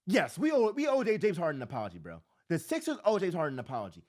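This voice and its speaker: Sports show host, male, high-pitched and animated, heated fan rant. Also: fast. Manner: fired-up, emphatic, says "bro" constantly.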